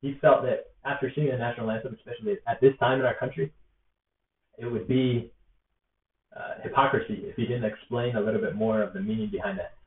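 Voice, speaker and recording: A man's voice: medium pitch, fairly even intonation, a little fast, roomy sound. Young man, casual rambling storytelling, filler words, laptop mic, distant, tinny phone-like sound. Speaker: rally organizer. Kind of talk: casual spoken reflection to camera. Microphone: laptop or tablet built-in mic.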